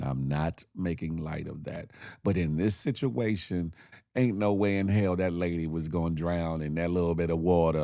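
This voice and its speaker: A man hosting a casual morning show, animated and joking, laughing often as he comments. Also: low-pitched, no room sound, clean studio sound.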